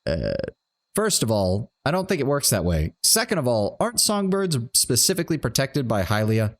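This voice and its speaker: A man's voice: medium pitch, big pitch swings, moderate pace. A man streaming a game, casually thinking aloud and reading out game text and stats. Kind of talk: casual gameplay commentary.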